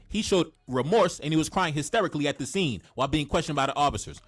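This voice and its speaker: Man, explaining a case, keeps asking right, somewhat high voice. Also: fairly bright tone. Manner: explanatory, asks "right?" often. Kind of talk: commentary on a criminal case.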